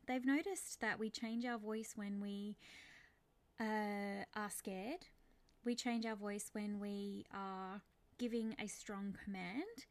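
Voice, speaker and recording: Calm woman explaining baby speech. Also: a little high. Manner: calm, reassuring, demonstrates baby sounds. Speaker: speech therapy educator. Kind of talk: explanatory teaching monologue.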